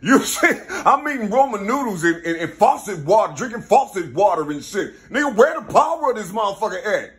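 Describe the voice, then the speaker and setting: Excitable high-voiced man rambling in slang. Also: a little fast, hardly any pauses. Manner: street slang, repeats "you see?" and "you know what I'm saying?"; excitable, mixes laughs and sudden loud bursts. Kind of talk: rambling casual monologue.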